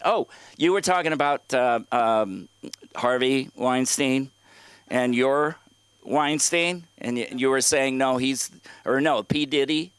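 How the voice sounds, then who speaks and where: A man's voice: mid-range voice, slow pace, fairly bright tone, smooth, dry recording. A middle-aged man doing open-mic stand-up on a comedy club stage, rambling, profane and talking straight to the crowd.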